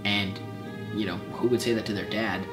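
A young man in a comedy group, pitching a silly story in casual chat with bursts of squeaky shouting. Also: brisk, reverberant, over music. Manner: animated storyteller with sudden squeaky outbursts.

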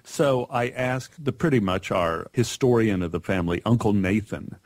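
A man in his fifties from Texas with a Texas accent tinged by Pennsylvania, telling stories as a guest in an interview, lively and laughing often. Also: fairly low pitch, normal speed, dry recording. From Dallas, Texas. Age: 50s. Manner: animated storyteller who laughs and repeats words. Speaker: guest actor. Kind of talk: storytelling interview.

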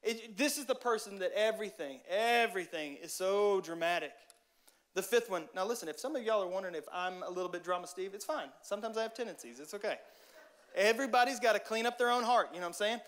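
A man preaching a casual sermon who talks straight to the audience in a lively, joking way. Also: high voice, quick pace.

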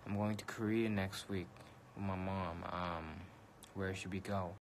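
A young man with a fairly low voice talks loosely into his phone on a live stream, full of slang, curses and easy laughs. He drifts between English and Korean as he answers comments, with a faint background hiss. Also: flat delivery, a little slow. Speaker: rapper on a livestream. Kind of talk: casual livestream chat answering comments. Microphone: phone mic.

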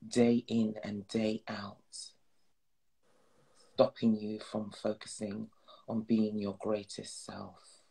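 Slow gravelly man leading a prayer. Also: fairly low pitch, poor audio. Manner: slow, solemn and soothing, dropping to whispers. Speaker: spiritual guide. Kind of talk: guided prayer and meditation.

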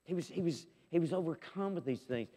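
A man preaching a sermon as pastor, emphatic and swinging between loud and soft. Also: fairly high pitch, animated, fairly quick, big-room sound. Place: church sanctuary.

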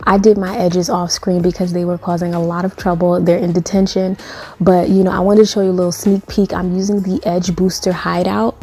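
A woman's voice: fairly low pitch, dark tone, slightly rough. A young woman talking through a hair tutorial in a sassy, playful, chatty way. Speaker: beauty vlogger.

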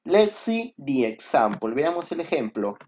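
A man's voice: medium pitch, big pitch swings, moderate pace, a little mellow. A man who speaks Spanish natively teaches English grammar step by step. He repeats each point in Spanish and keeps checking with "ok?". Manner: explains step by step, asks "ok?" often. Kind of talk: online grammar lesson. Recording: dull, muffled recording.

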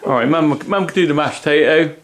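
A man's voice: on the high side, fast, a bit bright. A man hosting a casual cooking vlog at home, chatty and jokey as he bosses the kids along. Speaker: host. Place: home kitchen. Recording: noisy home recording.

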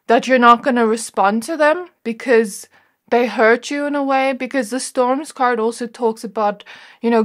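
A woman giving an intuitive tarot reading to her viewers, talking in a gentle, reflective way and often pausing on "like" as she muses. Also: fairly high pitch. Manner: gentle, reflective, musing with frequent "like". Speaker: tarot reader.

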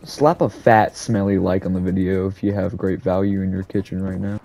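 A man commentating over gameplay, rambling sarcastically with a lot of profanity and sudden yelled outbursts. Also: sits low, steady tone, normal speed, gravelly, background noise. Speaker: gaming commentator. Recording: loud game gunfire under the voice. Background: game gunfire and shots.

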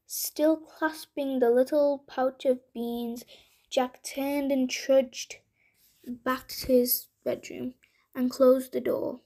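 Woman, bedtime story narration, gentle, slow, high voice. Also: level tone.

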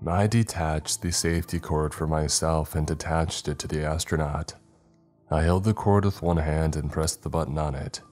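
A man reading a horror story aloud in calm, measured scripted narration. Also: very deep voice.

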